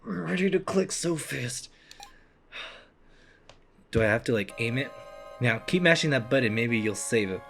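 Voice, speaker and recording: A young man playing a video game and commenting casually, swinging from frantic yelling to quiet muttering and reading the game's lines aloud. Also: medium pitch, animated, normal speed, gravelly, long pauses, music in the background. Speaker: let's play gamer.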